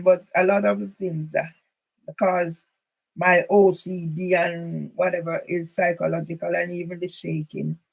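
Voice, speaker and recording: A woman's voice: fairly low pitch, creaky, poor audio. A woman from Jamaica with a Jamaican accent, talking in a rambling, emphatic personal monologue that drifts into patois. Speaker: channel host.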